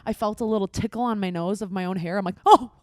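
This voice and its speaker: A woman's voice: medium pitch, fast talker, darkish tone, no room sound, studio quality. A woman in her twenties co-hosting a casual podcast, telling a story animatedly, acting out her own reactions and swearing freely. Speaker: podcast co-host.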